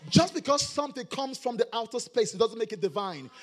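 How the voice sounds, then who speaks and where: A middle-aged male pastor preaching a sermon, rising into shouted, sing-song emphasis. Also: very high-pitched, lively intonation, fairly quick.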